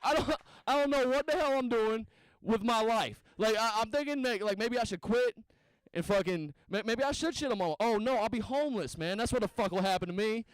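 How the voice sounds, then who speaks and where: A man doing stand-up starts with an interview, then moves into a rambling, profane set poking fun at himself in a small comedy room on a handheld mic. His voice is very high-pitched and brisk, recorded cleanly without room sound.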